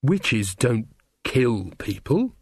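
A man's voice: medium pitch, very animated, extremely slow, darkish tone, husky, no echo, clean studio sound, exaggerated voice. A man voicing a shy, earnest young witch woman in a storybook reading.

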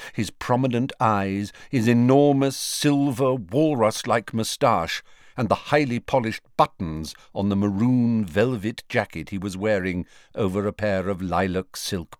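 A man narrating an audiobook in an unhurried, expressive storytelling voice. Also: lowish voice, no room sound, studio quality. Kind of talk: scripted narration.

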